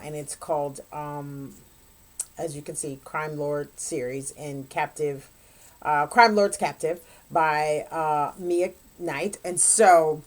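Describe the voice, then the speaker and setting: A woman, a guest reviewer, casually retelling a book's plot in a rambling way, full of "like" and "blah, blah.". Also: lowish voice. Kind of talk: casual spoken book recap.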